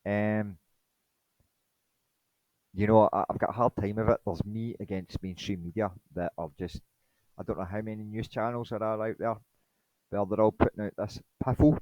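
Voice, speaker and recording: A man's voice: on the low side, fairly even intonation, moderate pace, pauses often, darkish tone, dry recording, lo-fi sound. A man giving a rambling, indignant monologue presentation that dismisses his critics.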